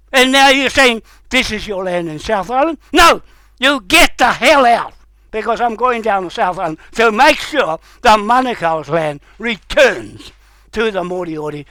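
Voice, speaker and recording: A man delivering a heated, confrontational rant, swearing and breaking into shouts. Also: high voice, no echo, low-quality recording. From New Zealand. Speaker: vlogger. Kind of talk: angry ranting monologue.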